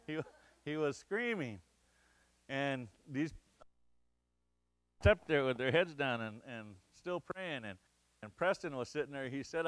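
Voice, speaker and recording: A middle-aged man from the Crow Nation in Montana tells a story to a lecture audience, acting out the shouts and the lines of the people in it. His voice is bright and crisp, with a smooth clarity. The sound is dry and close. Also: fairly high pitch, unhurried, no echo. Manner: animated storyteller, acts out shouts and quotes. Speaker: guest lecturer. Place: lecture hall.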